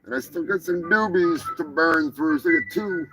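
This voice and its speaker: High-pitched guy hosting a raunchy news rant, cussing and bragging, music going behind him. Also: normal speed, low-quality recording. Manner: brash, profane, mock-grandiose. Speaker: host. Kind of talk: crude comedic news rant.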